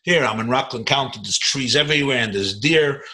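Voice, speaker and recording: A man from Brooklyn, a rabbi, telling a story in an animated, emphatic lecture over a video call. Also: medium pitch, fairly quick, low-quality recording. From Brooklyn, New York, US. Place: home in a suburban area, on a video call. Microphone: video call computer mic.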